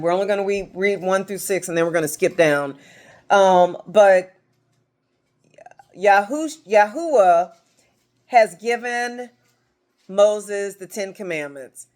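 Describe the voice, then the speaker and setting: An American woman giving an informal Bible teaching to a small group at home, animated, acting out quotes as she talks to the room. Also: medium pitch. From United States.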